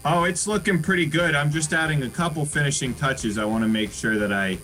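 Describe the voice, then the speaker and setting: A man playing a friendly, accommodating tattoo artist in an improv comedy scene, full of fillers and quick agreement. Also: fairly high pitch, bright, forceful tone, soft background music, low-quality recording.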